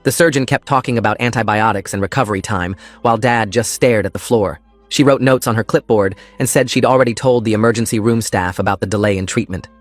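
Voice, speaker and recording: A man narrating a first-person story in a calm, steady scripted style. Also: lowish voice, quick pace, few pauses, dry recording, soft background music.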